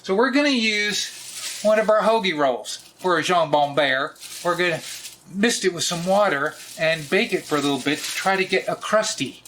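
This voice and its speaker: A man, hosting a casual cooking vlog in a joking, often loud way. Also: sits high, animated, moderate pace, a little hiss or hum. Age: 60s. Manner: jokey, often laughs and raises his voice. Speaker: cooking video host.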